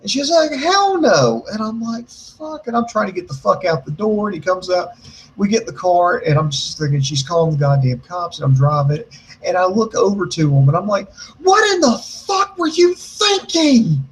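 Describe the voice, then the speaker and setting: An American man co-hosting a casual show, telling a story in an animated way, swearing a lot and acting out the quotes. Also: sits high, fairly quick, slight background noise, rough recording. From United States. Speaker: podcast co-host.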